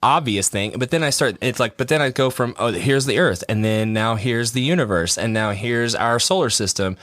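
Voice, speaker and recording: A young man co-hosting a podcast in casual chat, animated, laughing often and trailing off into restarts. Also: medium pitch, normal speed, no echo, studio quality. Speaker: podcast co-host.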